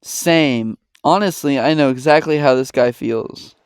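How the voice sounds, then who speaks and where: A man's voice: mid-range voice, a little slow, slight background noise. A man hosting a podcast, reacting to clips in a blunt, profane, ranting way. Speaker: podcast host. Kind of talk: casual reaction commentary.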